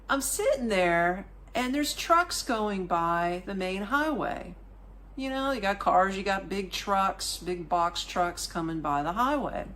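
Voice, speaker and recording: A woman hosting a podcast, telling a travel story in a casual, animated, colloquial way with frequent asides to the listener. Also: lowish voice, a little hiss or hum. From United States. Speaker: podcast host.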